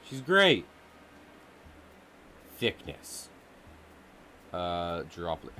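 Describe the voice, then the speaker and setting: A man's voice: medium pitch, animated, a little slow, a little hiss or hum. A man streaming while he draws, chatting casually with viewers in a playful, joking way and laughing often. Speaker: live streamer and artist. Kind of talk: casual live-stream chat while drawing.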